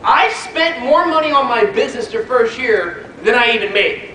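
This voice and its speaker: High-voiced man telling stories to a crowd. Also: moderate pace, a little hiss or hum. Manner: animated storytelling, quizzing the audience. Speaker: network marketing trainer. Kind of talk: motivational speech to a live audience. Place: training event hall. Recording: echoey hall, distant mic.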